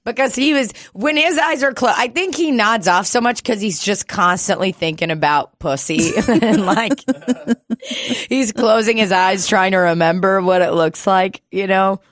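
A woman's voice: medium pitch, normal speed. A young woman co-hosting a podcast who tells a bar story in a casual chat, laughing often and acting out the customers' voices. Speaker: podcast co-host.

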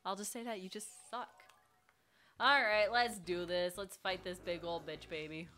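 A woman co-hosting a casual let's play, excitable, squealing and making silly beep noises as she plays. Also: lowish voice, measured pace, soft background music. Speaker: gameplay co-host.

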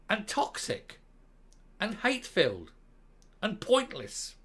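A man ranting through a commentary monologue with open scorn and sarcasm. His voice sits fairly high and swings widely, bright and cutting in tone. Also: huge pitch swings, slow pace, long pauses, breathy edge. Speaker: commentary vlogger.

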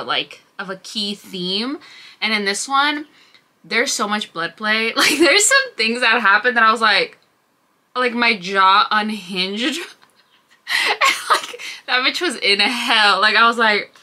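A young woman book vlogger chatting casually and excitedly, swearing often and filling her sentences with "like". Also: mid-range voice. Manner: gushing, swears a lot, fillers like "like". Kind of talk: casual reading vlog chat.

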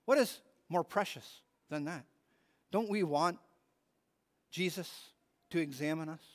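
A man's voice: a little high, measured pace, in a large hall. A man preaching a sermon as pastor, earnest and repeating words as he stresses his points. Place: church hall.

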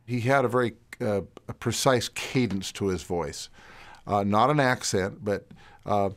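A man's voice: fairly low pitch, unhurried. A male witness describing a voice he heard, hesitant and full of fillers. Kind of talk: recalled interview testimony.

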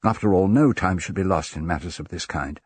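Measured, businesslike doctor, low and husky, read by a male narrator. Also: no room sound. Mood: grave. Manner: grave, deliberate, businesslike. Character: stern middle-aged male country doctor. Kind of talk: audiobook character reading.

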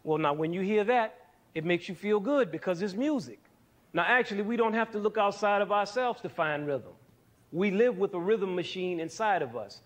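A music educator hosting a TV series teaches a young audience in a high, expressive voice at normal speed. He poses questions and answers them himself, demonstrating with counting and sounds.

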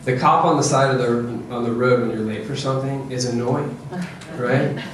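Man, conversational presenter, joking, average pitch, echoey room, heard from a distance. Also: moderate pace, slight background noise. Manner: lively, joking, checks in with okay and right. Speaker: presenter to parents. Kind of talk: conversational parenting talk.

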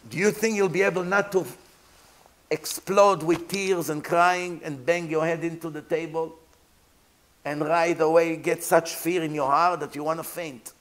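Gravelly emphatic rabbi, a man. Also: on the high side, poor audio. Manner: emphatic, full of rhetorical questions to the audience; acts out imagined dialogues. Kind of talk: Torah lecture.

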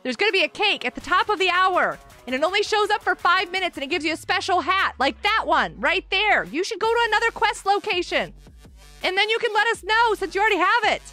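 Woman streamer, very high and lively, bright tone, excitable game chat. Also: fairly quick, soft background music. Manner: excitable, cheers players on, frequent laughs. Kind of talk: live Minecraft stream chat.

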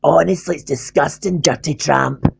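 A man's voice: fairly high pitch, moderate pace. A man with a Scottish accent voicing a foul-mouthed female animal who rants crude gossip about her sister. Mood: ranting. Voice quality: gravelly.

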